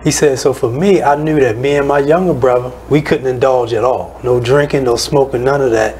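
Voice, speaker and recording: A man hosting a radio talk show, asking questions in a relaxed, conversational way. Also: medium pitch, slight background noise, poor audio. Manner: relaxed, conversational, quick to say "yeah" back. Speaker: radio host. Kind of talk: casual radio chat.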